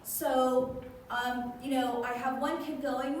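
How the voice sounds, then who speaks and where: High-voiced woman doing stand-up in an echoey hall. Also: a little slow, a little hiss or hum. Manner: animated storytelling, jumps into high voices for her kids. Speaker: stand-up comedian. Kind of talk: stand-up comedy set. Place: live comedy venue. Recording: echoey hall from far off with loud ambience.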